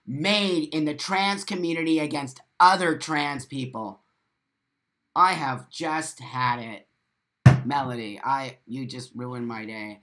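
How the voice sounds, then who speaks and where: A man's voice: a little high, a little slow, a bit bright. A middle-aged man hosting a casual live stream, reading viewer comments aloud and answering in a blunt, profane, emphatic way.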